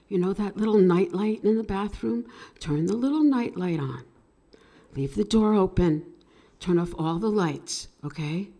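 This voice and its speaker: A woman telling a personal story at an open mic, swinging between hushed and loud with strong emotion. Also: medium pitch, a little slow. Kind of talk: live dramatic storytelling.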